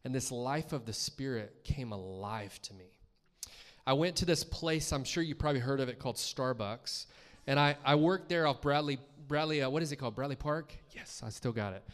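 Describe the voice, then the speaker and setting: A man's voice: medium pitch, normal speed, fairly bright tone. Male guest preacher, mid-range voice, conversational testimony delivery, church hall reverb. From Columbus, Georgia, US. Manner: conversational storytelling, acting out his own reactions. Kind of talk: testimony sermon. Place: church sanctuary.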